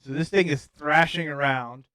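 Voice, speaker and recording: A man's voice: fairly high pitch, moderate pace, sharp tone. A man running a tabletop game as game master, casual and laid-back with many ums. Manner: laid-back, lots of ums, frequent laughs.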